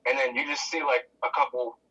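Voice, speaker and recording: A man's voice: medium pitch, flat delivery, fairly quick, pushed and bright, husky. A young man co-hosting a podcast in casual chat, playfully spinning what-if scenarios, sounding dull and distant. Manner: laughing, playful what-if storyteller. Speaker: podcast co-host.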